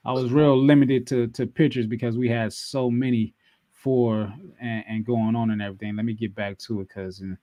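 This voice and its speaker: A man co-hosting a wrestling podcast in casual chat, relaxed and repeating his phrases. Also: mid-range voice, normal speed, no room sound. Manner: laid-back, repeats himself, lots of "you know what I'm saying". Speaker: podcast co-host.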